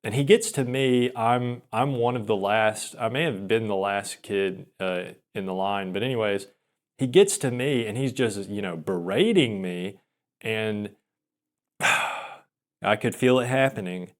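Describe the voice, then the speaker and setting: A man's voice: on the low side, unhurried. A young man telling a long personal story in casual chat, rambling and self-deprecating, with frequent restarts and small laughs. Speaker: podcaster.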